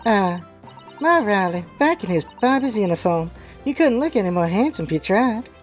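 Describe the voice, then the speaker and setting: A woman's voice: mid-range voice, animated, normal speed, faint music behind, lightly acted. A woman voicing a swooning young woman who dotes on her sweetheart, gushing and adoring.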